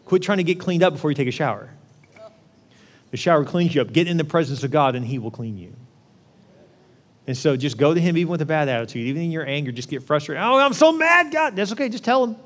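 A male pastor preaching a conversational sermon, often acting out prayers in a lively voice. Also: on the high side, quick pace, long pauses. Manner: conversational, acts out prayers in an animated voice. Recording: long reverb of a large hall.

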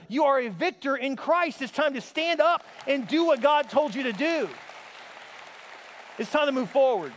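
A man preaching a sermon as a pastor, emphatic and exhorting, with playful asides. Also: very high-pitched. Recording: long reverb of a large hall.

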